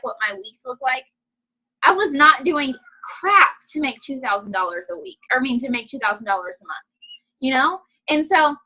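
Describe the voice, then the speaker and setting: A woman's voice: high voice, breathy edge, poor audio. A young woman giving a casual, upbeat training talk over a video call, chatty and full of "you know". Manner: breaks off to quiet her child. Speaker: guest trainer.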